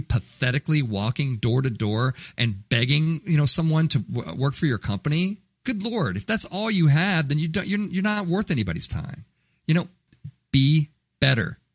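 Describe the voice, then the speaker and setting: Man, podcast host, blunt and ranting, middle pitch, dry sound. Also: fairly bright tone, no echo. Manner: blunt, ranting, mocks callers in put-on voices. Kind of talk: opinionated marketing talk.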